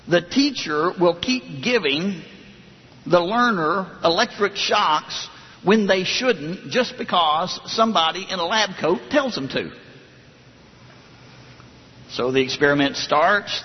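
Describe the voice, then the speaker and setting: A man lecturing in a dramatic storytelling manner, acting out the people he quotes and slowing down for emphasis. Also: fairly high pitch. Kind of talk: lecture retelling a psychology experiment. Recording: dull recording in a reverberant hall.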